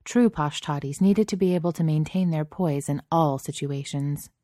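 A woman reading a story aloud as narrator, in a dry, even storytelling manner. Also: deep voice, moderate pace, no echo. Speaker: audiobook narrator. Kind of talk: scripted narration.

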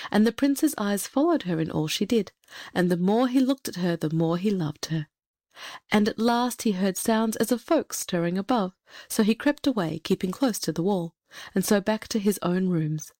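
A woman narrating a fairy tale in a measured, expressive storytelling manner. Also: medium pitch, no echo, studio quality.

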